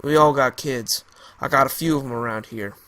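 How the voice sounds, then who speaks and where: A man's voice: medium pitch, fairly quick, sharp tone, lightly acted. A man voicing a stern, hostile rifleman who gives snarly, commanding orders. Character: stern gruff male rifleman leader, hostile.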